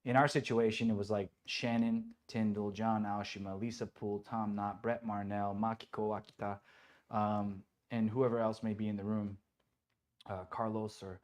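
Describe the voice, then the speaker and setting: A man who voices a superhero, chatting as an interview guest in an office, telling lively stories, acting out what people said and laughing often. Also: lowish voice, normal speed. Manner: animated storyteller who acts out quotes and laughs often. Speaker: voice actor guest. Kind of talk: casual interview chat. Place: indoors at a toy company office.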